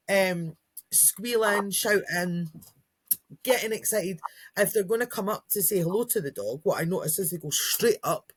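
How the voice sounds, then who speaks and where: This woman, a dog-trainer co-host, speaks at medium pitch and normal speed with a slightly rough edge. The podcast talk is relaxed, and she keeps slipping into dogs' and kids' voices.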